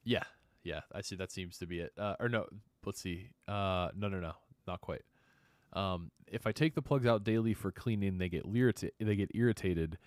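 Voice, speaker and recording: Man, deep voice, dry close sound, hesitant co-host, reads viewer questions. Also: normal speed, a little mellow, dry recording. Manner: hesitant, lots of uh and um. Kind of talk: live-stream Q&A chat.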